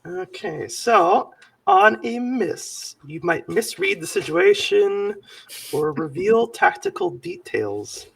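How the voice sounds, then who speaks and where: A man narrating a tabletop game as its game master, his voice swooping up and down with a gravelly edge. He talks slowly, halting often with fillers, and sounds set a bit back from the mic in a dry room. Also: high-pitched, far from the mic. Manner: animated, halting with many fillers.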